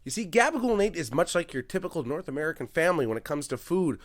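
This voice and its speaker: Energetic, self-mocking man hosting a podcast. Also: a little high, quick pace. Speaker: podcast host. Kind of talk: comedic podcast monologue.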